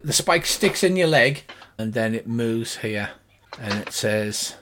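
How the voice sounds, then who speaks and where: A man running a tabletop game as game master, narrating in a wry, relaxed way. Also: mid-range voice, unhurried, slight background noise.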